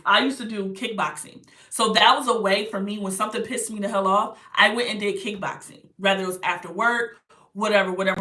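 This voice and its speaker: A young woman speaks in a bright, forward voice, giving casual motivational advice as a spiritual healer. She is blunt and full of slang, and keeps asking whether the listener follows her. Her pitch sits mid-range for a woman. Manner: blunt, slangy and emphatic, with frequent check-ins to the viewer. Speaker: spiritual healer and astrology reader. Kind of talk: casual motivational talk to camera.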